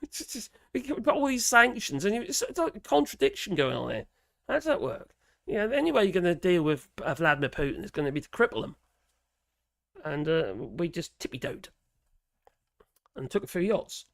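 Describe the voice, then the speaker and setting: An Englishman with a Norfolk accent rambles bluntly on a casual live stream in a high, sing-song, creaky voice with a fairly bright tone, at a moderate pace. His throat sounds slightly strained and prone to mucus, and he chats with frequent restarts and slang. The studio sound is clean, with no room sound.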